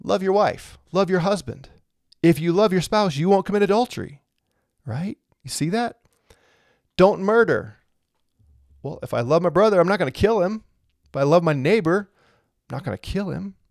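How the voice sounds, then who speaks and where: A man delivers a sermon in an earnest, emphatic way, circling back over his own phrases. His voice sits a little higher than most men's. The sound is close and dry, with no room around it. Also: animated, moderate pace, gravelly, long pauses, a little mellow, no echo. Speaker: preacher.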